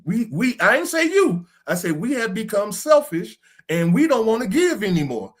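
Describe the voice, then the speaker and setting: A man's voice: high voice, big pitch swings, normal speed. A man hosting a podcast discussion, talking in a preachy, casual way and swearing now and then. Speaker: podcast host.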